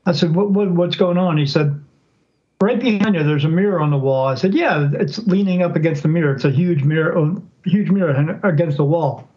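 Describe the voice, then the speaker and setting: A man's voice: on the high side, brisk, dull audio. A man telling a story as a guest in a casual interview. He acts out what other people said by shifting his voice. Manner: animated, acts out quoted speech in changing voices. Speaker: podcast guest, psychic.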